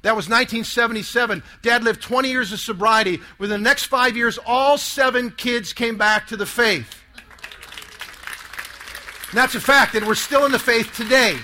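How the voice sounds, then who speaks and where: A man in his sixties gives an emotional testimony to a live audience, with a bright, ringing tone and a fairly high voice. He tells it dramatically, dropping to near-hushed tones before swelling into loud outbursts. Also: moderate pace, a faint crowd, a little hiss or hum. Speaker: speaker giving a testimony.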